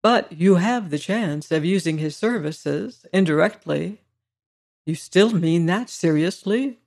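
A reader voicing a calm gentleman who speaks in a detached, thoughtful way. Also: medium pitch, a little slow, creaky.

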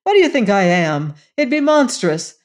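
A woman's voice: medium pitch, expressive, measured pace, darkish tone, pitched above the performer's own voice, lightly acted. A woman reading aloud and voicing a desperate young male rider, pleading and agitated with a raised voice. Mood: furious.

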